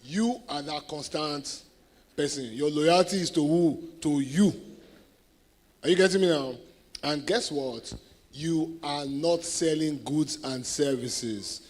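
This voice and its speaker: A man's voice: a little high, slow pace. A middle-aged man with a Nigerian English accent, giving a motivational talk as guest speaker at a sales event, telling stories and keeping the audience engaged by asking if they follow him. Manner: animated storyteller who keeps asking the audience if they follow.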